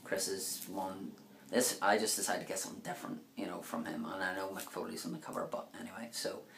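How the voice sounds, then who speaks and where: A man's voice: low-pitched, gravelly, a bit bright. A man telling stories casually to camera, rambling with lots of fillers and acting out what people said. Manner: rambling, chatty, many fillers, acts out quoted lines. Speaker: vlogger. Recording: echoey room with faint ambient noise.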